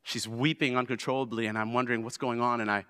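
A man in his thirties preaching a sermon, swinging from loud exhortation to hushed storytelling. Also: medium pitch, level tone, fast talker, clear, resonant tone. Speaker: pastor. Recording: long reverb of a large hall.

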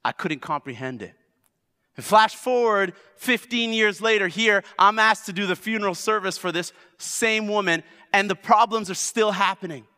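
A man in his thirties preaching a sermon, swinging from loud exhortation to hushed storytelling. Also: high voice, normal speed, clean tone. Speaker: pastor. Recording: long reverb of a large hall.

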